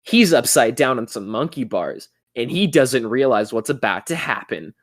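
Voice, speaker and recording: A young man voicing a goofy teenage skater boy narrating a 90s commercial, with slow, drawn-out pauses. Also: mid-range voice, lively intonation, no room sound, clean studio sound, close to an everyday voice. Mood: mock-dramatic. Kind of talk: podcast bit.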